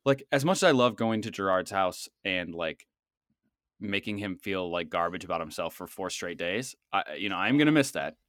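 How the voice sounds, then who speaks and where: Low male voice, teasing podcast co-host, stumbles into restarts, dry mic. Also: moderate pace, dry recording. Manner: teasing, animated, stammering restarts. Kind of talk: casual chat.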